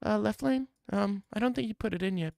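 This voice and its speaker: A high, soft, halting voice of a bored young woman, played by a man in falsetto. She stammers her flat replies quietly. The sound is dry and close. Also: gravelly, dry recording. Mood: unimpressed. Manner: hesitant, stammering, deflating.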